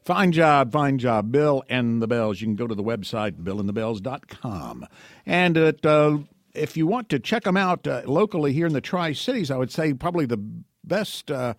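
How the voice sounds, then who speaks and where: A man hosting a radio show, introducing a band and their upcoming shows, halting now and then with fillers. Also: mid-range voice, animated, dry recording, studio quality. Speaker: radio host. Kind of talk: casual radio chat.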